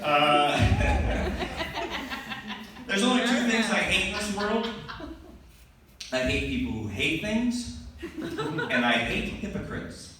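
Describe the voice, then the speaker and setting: A young man working a comedy club stage with a high, lively voice that swings up into mock-panicked shouts. He takes his time with the setups. The recording sounds distant and echoey, with a laughing audience behind him. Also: slow pace, pauses often, crowd noise. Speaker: stand-up comedian. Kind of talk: stand-up comedy set. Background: audience laughing and cheering.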